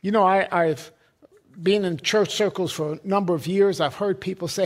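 Guy preaching a sermon, kinda husky, pretty high voice, emphatic, stacks up lists. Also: fairly even intonation, normal speed. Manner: emphatic, repeats words and builds lists.

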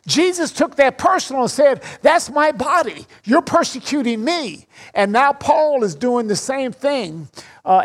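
A middle-aged man preaching a sermon, earnest and personal, reading scripture between his own thoughts. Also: very high-pitched. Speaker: pastor.

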